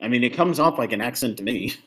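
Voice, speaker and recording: Bright-voiced man ranting on a podcast. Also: mid-range voice, lively intonation, fast talker. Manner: ranting, exasperated. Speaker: podcast co-host. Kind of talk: casual review chat.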